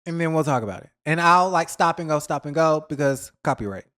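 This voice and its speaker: Chatty gossiping man hosting a vlog. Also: fairly high pitch. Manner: chatty, animated, dishes shade and mimics others; says y'all, drawn-out emphasis. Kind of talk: casual gossip commentary.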